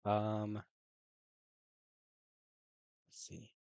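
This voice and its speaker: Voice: mid-range voice, monotone, very slow, gravelly, darkish tone, smooth, dry recording. A player in a tabletop game who talks hesitantly with many fillers and laughs often.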